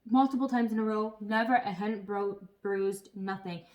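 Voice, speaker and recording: A woman chatting casually to camera as a vlogger, telling stories in an animated way with some swearing. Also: medium pitch, normal speed, muffled recording.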